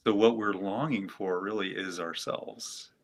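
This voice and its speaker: A man, a guest psychotherapist, talking gently and reflectively in an interview, asking himself questions and using many fillers. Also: deep voice, steady tone, unhurried.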